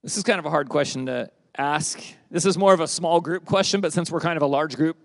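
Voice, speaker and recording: Man, youth pastor, high voice, gravelly, conversational Bible teaching, asks questions, dry close sound. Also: a little fast, dry recording. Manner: lively, asks the group questions and repeats answers. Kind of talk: youth group Bible talk.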